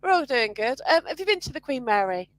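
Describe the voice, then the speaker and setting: A woman's voice: high-pitched, sing-song, fast, no room sound, rough recording. A woman hosting an online interview, chatting casually, with hesitant restarts and personal asides. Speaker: host.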